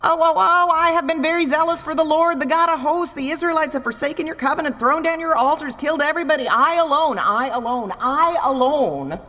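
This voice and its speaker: A woman's voice: high voice, fairly bright tone, voice pushed up. A woman acting out a wailing, self-pitying prophet man. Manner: whiny, wailing, melodramatic. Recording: echoey hall.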